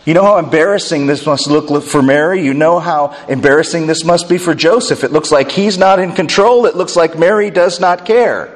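Animated male pastor in a hall. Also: fairly high pitch, normal speed, hardly any pauses. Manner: animated, asks rhetorical questions. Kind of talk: sermon. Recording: long hall reverb.

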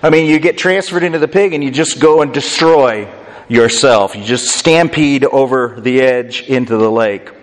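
A man preaching an expository sermon, telling the story with lively, dramatized voices. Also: medium pitch, moderate pace. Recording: long hall reverb.

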